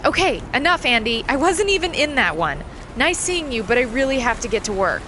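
A woman playing an overwrought, paranoid ex-girlfriend in a comedy sketch, with shrill, shouty outbursts. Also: very animated, a little fast, music in the background. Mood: exasperated.

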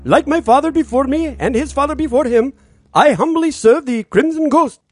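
A man's voice: very high-pitched, normal speed, no echo, soft background music. A man playing a humble, devoted manservant who lives in a cave, formal and deferential. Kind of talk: comedy sketch acting.

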